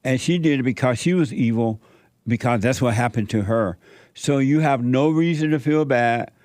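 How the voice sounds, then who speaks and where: A man's voice: mid-range voice, moderate pace, a little mellow, dry recording, clean studio sound. A middle-aged man hosting a call-in show, giving firm spiritual advice in short repeated commands. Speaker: radio call-in host giving life advice.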